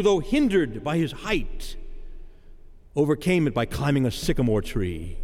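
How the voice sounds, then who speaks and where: A man's voice: fairly high pitch, long reverb tail. A man preaching a sermon in a dramatic cadence, acting out the voices of the people he quotes.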